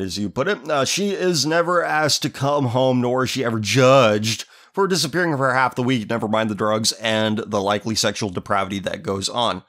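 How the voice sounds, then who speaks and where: A man's voice: mid-range voice, fairly bright tone. A man hosting a show, reading out a listener's letter and ranting over it in a sneering, profane, contemptuous way. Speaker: host.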